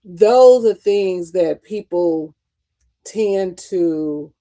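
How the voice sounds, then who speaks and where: A woman with a low, mellow voice joins the talk as co-host. She speaks frankly and brings her points to life by acting out quotes. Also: drawn-out words. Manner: frank, animated, acts out quotes. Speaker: podcast co-host. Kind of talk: casual chat.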